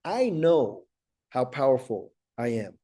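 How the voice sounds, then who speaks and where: A man's voice: mid-range voice, sing-song, slow, dark tone, husky. A middle-aged man giving a motivational coaching talk, earnest, often repeating words and checking in with "right?". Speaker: life coach.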